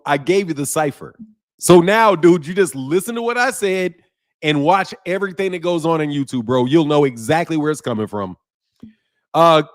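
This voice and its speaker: High-pitched chicago guy on a boxing stream, super casual, laughing, slang everywhere. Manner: animated, loose slang-heavy talk, laughs often, mimics regional greetings. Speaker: boxing channel host. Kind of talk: casual livestream chat with viewers.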